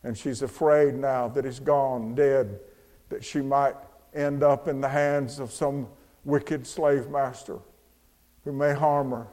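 Slow preacher in a reverberant hall. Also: male voice, mid-range voice, fairly even intonation. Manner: swings from hushed, slow storytelling to soaring, shouted proclamation. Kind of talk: sermon.

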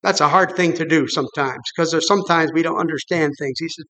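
Bright high-voiced man preaching a sermon. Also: fast talker, low-quality recording. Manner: animated, acts out voices of the figures he quotes, chuckles often.

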